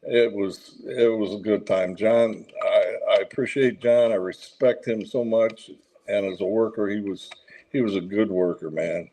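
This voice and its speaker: A man guest recounting stories in a relaxed, anecdotal way, laughing as he goes. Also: on the low side, unhurried, rough recording. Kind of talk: casual storytelling chat.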